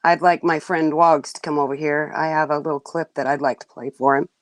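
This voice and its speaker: A woman's voice: sits low, flat delivery, fairly quick, no room sound. A woman hosting a livestream, venting bluntly and indignantly to her chat, cursing now and then. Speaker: livestream host.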